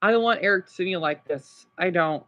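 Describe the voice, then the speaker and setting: A man's voice: high-pitched, fairly quick, sharp tone, muffled recording. A man talks to his livestream viewers in a rambling rant. He stumbles over his words, restarts his sentences and keeps apologizing as he vents. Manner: upset, ranting, with many restarts and apologies. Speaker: livestreamer reacting to videos.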